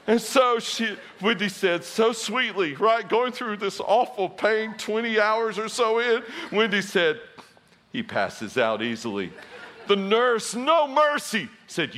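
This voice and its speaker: Bright, high-voiced male pastor. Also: a little hiss or hum. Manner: storytelling, self-deprecating humor. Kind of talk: sermon.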